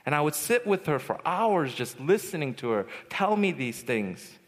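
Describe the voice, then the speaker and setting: Man, high voice, testimony sermon, hushed to loud storytelling, long hall echo. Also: sing-song, normal speed. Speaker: retreat speaker.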